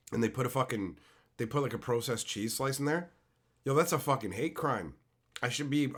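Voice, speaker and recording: A young man from Canada, a streamer reading his live chat and ranting in loud, profane, mock-outraged bursts. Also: mid-range voice. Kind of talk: casual rant to live chat.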